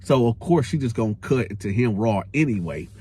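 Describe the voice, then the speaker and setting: A man hosting a casual storytime, telling a prison tale in animated slang with his own sound effects. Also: medium pitch, brisk, slightly rough. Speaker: storyteller host.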